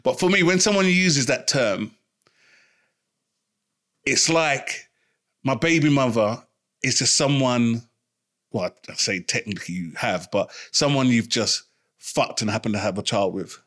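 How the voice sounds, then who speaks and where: A man's voice: mid-range voice, lively intonation, a little slow, long pauses, fairly bright tone. Emphatic man, podcast chat. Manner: emphatic, repeats himself, stumbles over words. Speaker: podcast co-host. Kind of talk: casual chat.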